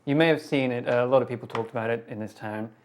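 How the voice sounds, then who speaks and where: A man playing a tabletop game, chatty and quick to laugh. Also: medium pitch, a little hiss or hum. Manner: chatty and animated, laughs easily. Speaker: player.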